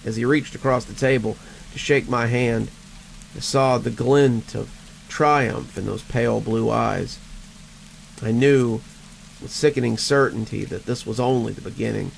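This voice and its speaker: A male horror storyteller with a gravelly, mid-pitched voice. He reads in a measured way and stumbles over words at tense moments. Faint rain patters behind him. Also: a little hiss or hum, rough recording. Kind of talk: scripted horror narration.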